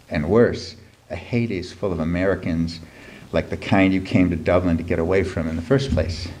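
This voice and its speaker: A man's voice: low-pitched, a little mellow. A middle-aged man reading his humorous essay aloud at a live reading event, dry and wry, with many ums between phrases. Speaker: writer reading his piece.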